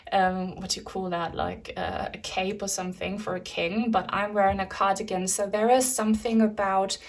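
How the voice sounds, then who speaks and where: A woman's voice: mid-range voice, fairly even intonation, normal speed. A young woman giving a pick-a-card tarot reading to camera, chatty and filled with ums, addressing viewers as guys. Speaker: tarot reader.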